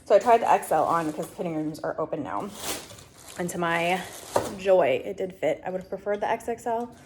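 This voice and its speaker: A woman's voice: on the low side, lively intonation, a little fast, noisy background. A woman chatting casually to her camera, exasperated and venting as she talks through her errands. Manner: ranting, exasperated, talkative. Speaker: vlogger.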